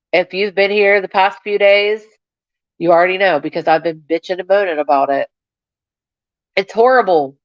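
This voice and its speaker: A woman chatting on a livestream in an unhurried, drawn-out way, her throat going scratchy and sore. She swears freely and sends kisses to her viewers. The sound is dull and lo-fi and close and dry, with faint music underneath. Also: mid-range voice, no room sound. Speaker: livestream host. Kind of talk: casual chat to viewers.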